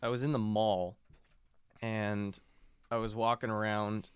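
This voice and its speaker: A man's voice: lowish voice, level tone, measured pace, smooth, no echo. A young man in casual podcast chat, rambling through a long story with lots of cursing and filler words. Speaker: podcast co-host.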